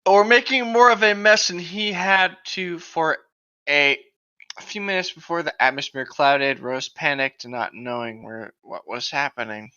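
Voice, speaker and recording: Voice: medium pitch, measured pace, bright, forceful tone, clean tone, muffled recording. A tipsy podcast co-host reading fanfiction aloud with crude, rambling asides. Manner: crude, rambling, lots of filler. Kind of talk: comedic fanfic reading with banter.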